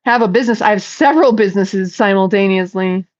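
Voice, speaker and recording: A woman's voice: medium pitch, fast talker, muffled recording. A woman hosting a casual livestream chat, reading viewer comments aloud and answering them in a blunt, profane, talkative way.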